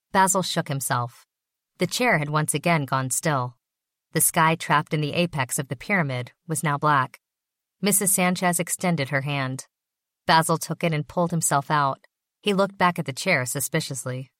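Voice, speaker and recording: A woman narrating an audiobook in a steady, even reading voice. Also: low voice, moderate pace, no room sound, clean studio sound.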